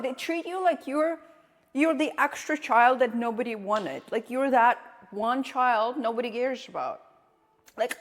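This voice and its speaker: A woman's voice: fairly high pitch, lively intonation, a little slow, long reverb tail. Blunt, swearing young woman streamer. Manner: blunt, swears freely, storytelling. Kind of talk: casual chat with viewers.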